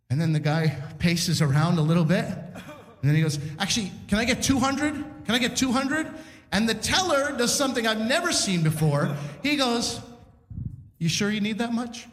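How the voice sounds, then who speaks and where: A man hosting a live comedy show, telling a story to the crowd in a loose, animated way. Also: high voice. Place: large theater stage. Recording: echoey hall from a distance.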